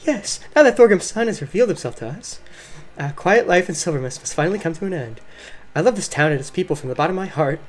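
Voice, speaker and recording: A woman voicing a gentle, kind queen who speaks softly and from the heart. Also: lowish voice, expressive, fast talker, natural voice. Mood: wistful.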